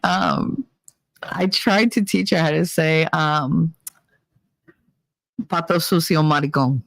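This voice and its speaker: A woman's voice: sits low, no echo. A woman with a New Jersey accent chatting casually with her viewers, reading their comments aloud, laughing often and mimicking her relatives. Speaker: streamer reading chat. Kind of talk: casual chat.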